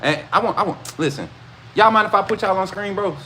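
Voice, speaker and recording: A man hosting a casual football livestream, talking straight to his chat with animated, repetitive hype. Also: high-pitched, fairly quick, slight background noise. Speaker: host of a college football livestream.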